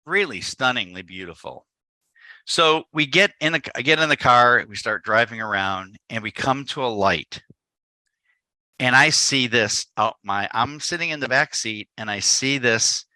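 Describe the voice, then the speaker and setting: A man from the Chicago area tells a story to a live audience, slipping into the voices of the people he met. His voice has a bright, sharp edge. The sound is dry and close, with no room echo. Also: medium pitch, measured pace. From Chicago area, United States. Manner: lively storyteller who acts out the dialogue. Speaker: photographer giving a talk. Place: indoor event space.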